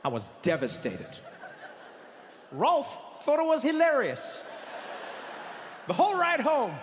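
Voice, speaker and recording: A middle-aged man telling an animated stand-up story on a theater stage. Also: very high-pitched, slow, a little hiss or hum. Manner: animated, acts out voices. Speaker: stand-up comedian. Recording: stage mic in a reverberant hall. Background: audience ambience.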